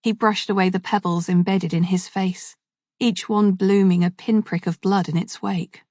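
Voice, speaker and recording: A woman reading a thriller story aloud in steady, measured scripted narration. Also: medium pitch, dry recording, clean studio sound.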